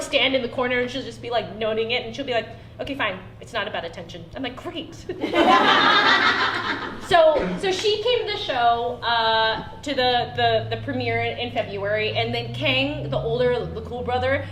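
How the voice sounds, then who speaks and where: A high-voiced woman tells stories at a post-show talkback in a theater, laughing often and quoting her family. Her voice bounces around an echoey hall with faint noise behind it. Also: a little fast, few pauses. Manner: animated, acts out family quotes, laughs often. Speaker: solo performer answering audience questions. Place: theater, live audience.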